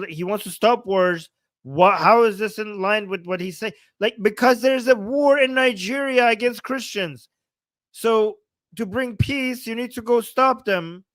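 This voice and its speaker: A man's voice: high-pitched, unhurried, a bit bright, dry recording. A man commentating on a news clip in a sarcastic, combative way, swearing often. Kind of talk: reaction commentary.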